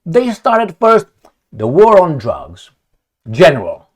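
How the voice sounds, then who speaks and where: Lively sardonic man. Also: a little high, slow pace, husky. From Romania. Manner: blunt and sardonic, storytelling asides. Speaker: political commentator. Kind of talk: unscripted commentary reading headlines.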